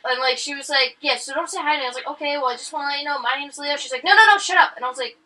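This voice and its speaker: A woman's voice: sits high, flat delivery, very fast, sharp tone, distant mic, slight background noise. A young woman co-hosting a gaming channel, telling stories casually and swearing freely. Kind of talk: casual storytelling over gameplay.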